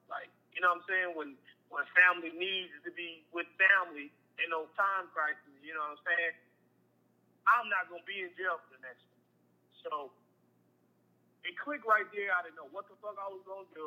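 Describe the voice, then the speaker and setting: A man's voice: high-pitched, bright, forceful tone, rough recording. A man candidly telling a personal story in casual, slangy talk, often repeating himself. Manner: candid, emotional, repetitive, slangy.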